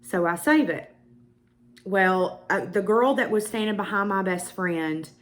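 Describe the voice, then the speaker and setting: A woman's voice: lowish voice, a bit bright. A young woman with a Southern US accent, chatting to her viewers and telling a personal story with emphatic asides. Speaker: beauty vlogger. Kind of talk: casual storytelling to camera.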